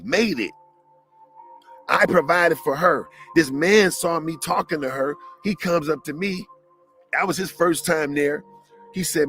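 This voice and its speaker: A man from Detroit preaches motivation through a story, loose and slangy, laughing as he goes. His voice sits a touch high for a man. Soft music plays under him. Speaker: motivational speaker.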